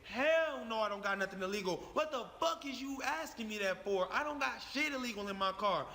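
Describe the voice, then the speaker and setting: A man's voice: high voice, animated, fairly quick, pushed and bright. A young man telling his own story in a heated, profane, emphatic way. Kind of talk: animated storytelling. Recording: long reverb on the voice.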